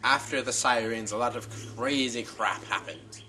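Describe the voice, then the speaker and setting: A young man narrating an amateur comedy film in a flippant, offhand way. He talks in an ordinary mid-range voice. Clear outdoor noise and birds sit behind him. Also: mid-range voice, moderate pace. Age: young adult.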